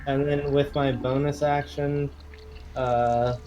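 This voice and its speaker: A man's voice: medium pitch, flat delivery, takes it slowly, darkish tone, faint music behind, poor audio. A man playing a tabletop game, hesitant and thinking aloud about his turn. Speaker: player.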